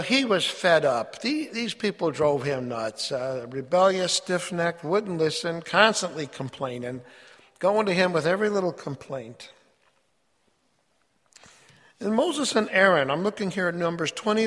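Preacher: man with a fairly high voice, earnest and emphatic sermon delivery, long hall reverb. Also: a bit bright. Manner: earnest, emphatic, reads scripture aloud.

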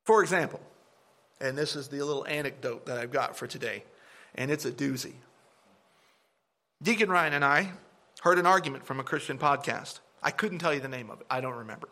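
A man preaching a sermon to a congregation, emphatic and animated, sometimes mocking the views he argues against. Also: medium pitch, brisk, pauses often.

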